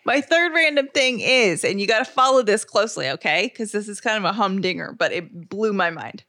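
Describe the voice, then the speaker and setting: A woman's voice: mid-range voice, expressive, brisk, bright, forceful tone, dry recording, studio quality. A woman co-hosting a podcast, chatting casually and enthusiastically, laughing often while presenting fun facts. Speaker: podcast co-host. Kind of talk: casual chat.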